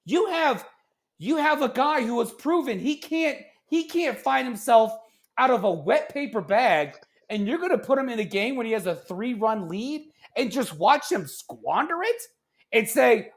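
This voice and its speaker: A man's voice: very high voice, a little slow. Fired-up ranting man, sports podcast. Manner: ranting, animated, gets loud and exasperated. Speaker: podcast co-host. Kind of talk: casual sports chat.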